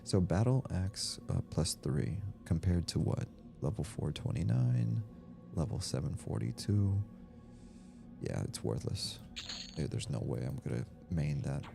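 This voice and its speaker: This gamer has a very deep, creaky voice, animated but measured in pace. Game music plays behind him as he rambles casually on his livestream, reading chat aloud and laughing readily.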